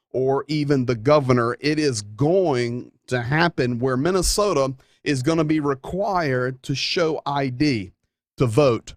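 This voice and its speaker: A man's voice: on the high side, no room sound, clean studio sound. Folksy, emphatic talk show host man. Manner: folksy, emphatic, playful asides. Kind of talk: conservative talk show monologue.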